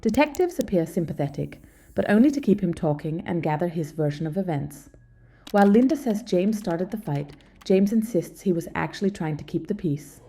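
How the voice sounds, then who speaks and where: A woman narrating a true-crime story in a scripted, measured delivery. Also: lowish voice, animated, mellow, breathy edge, faint music behind.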